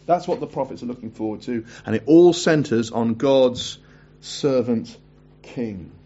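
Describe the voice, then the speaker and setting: A man preaching a sermon, reading scripture aloud and breaking off for chatty asides and quick self-corrections. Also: medium pitch, warm tone, lo-fi sound.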